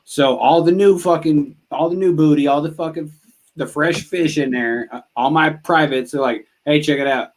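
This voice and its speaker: Male veteran guest, profane, laughing raconteur. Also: poor audio. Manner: heavily profane, laughing, quick retelling with high-pitched quotes. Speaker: podcast guest, army veteran. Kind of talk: casual storytelling chat.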